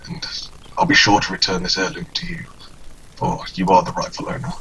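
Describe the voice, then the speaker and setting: A weary, grim adventurer mutters his vow in a low, quiet voice, as a man puts him on. The voice sits a little deep for a man, and a faint hiss lies under the recording. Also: little pitch movement, a little fast, creaky, full character voice, poor audio.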